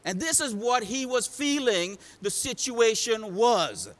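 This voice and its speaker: A man preaching a sermon in a dramatic, call-and-response style that swings from loud to hushed. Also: very high-pitched, lively intonation, slow.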